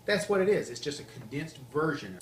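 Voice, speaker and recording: A chatty man with a Southern US accent and a slightly higher-than-usual voice walks through each step in a relaxed, conversational way. He sounds like he is in an echoey room with a faint hiss of background noise. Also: brisk. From Deep South, US. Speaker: host, coffee reviewer. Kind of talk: casual demonstration chat.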